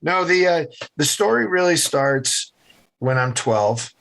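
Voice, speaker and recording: Animated storytelling man from Massachusetts. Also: fairly high pitch, slow pace, creaky. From central Massachusetts. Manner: animated storyteller, acts out voices. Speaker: podcast guest. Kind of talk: storytelling interview answers.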